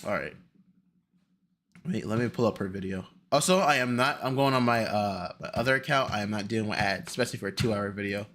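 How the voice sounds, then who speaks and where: A man's voice: on the low side, fairly quick, fairly bright tone. A young man streaming casually, rambling and exclaiming to himself as he sets things up. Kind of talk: casual stream chat while setting up a video.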